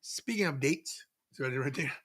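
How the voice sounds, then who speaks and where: A man co-hosting a live wrestling watch-along podcast, animated and laughing often, talking straight to the chat. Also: medium pitch, fairly quick. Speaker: podcast co-host.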